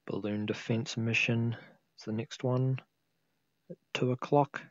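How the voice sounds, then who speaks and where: A man's voice: medium pitch, steady tone, measured pace, no echo, dull audio. A tired man casually commentating a flight sim game he is playing, thinking aloud and humming to himself. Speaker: gameplay video host.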